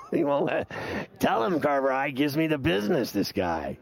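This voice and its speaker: Male sports radio host, gravelly, rambling, in-your-face storyteller. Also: fairly high pitch, wildly swooping pitch, low-quality recording. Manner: loud, rapid-fire storytelling with put-on quotes.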